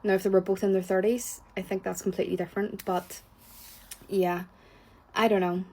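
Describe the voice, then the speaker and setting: A woman's voice: medium pitch, little pitch movement, normal speed, warm tone, slightly rough. A woman with a Northern Irish accent, chatting casually about a reality show, blunt and opinionated, swearing freely, hot and sweaty as she talks. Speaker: reality TV reviewer. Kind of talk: casual reaction chat.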